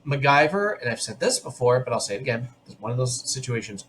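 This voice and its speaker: A man hosting a podcast, recapping an episode in casual, opinionated chat full of quick restarts. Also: mid-range voice, sing-song, fairly bright tone, a little hiss or hum. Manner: chatty and opinionated, talking in quick bursts with restarts. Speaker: podcast host.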